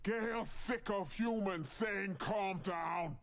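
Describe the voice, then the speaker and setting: An actor playing a hulking, angry male mutant brute in a video game, who talks bluntly in broken grammar with a gravelly, husky voice. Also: high-pitched, fairly bright tone, full character voice. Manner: blunt, threatening, slow and heavy.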